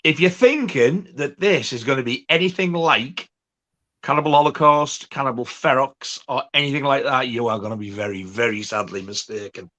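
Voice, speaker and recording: A man's voice: medium pitch, normal speed, a bit bright. A man, co-hosting a casual film chat, blunt and dry, sometimes mimicking voices. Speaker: co-host.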